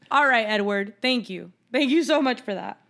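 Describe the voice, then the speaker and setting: A young woman hosts a podcast, recapping a film in casual chat, sarcastic and swearing freely as she retells the scenes. Her voice is a little high with a fairly bright tone.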